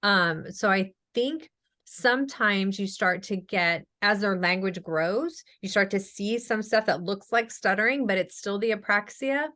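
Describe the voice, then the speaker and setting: A woman's voice: mid-range voice, a bit bright. A woman speech-language pathologist answering questions in a casual webinar, chatty with frequent ums and acted-out quotes.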